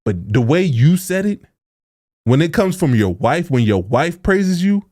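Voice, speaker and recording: A man's voice: a little high, very animated, a little slow, a little mellow. Young guy on a podcast, earnest and kinda preachy, loose informal talk. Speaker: podcast co-host.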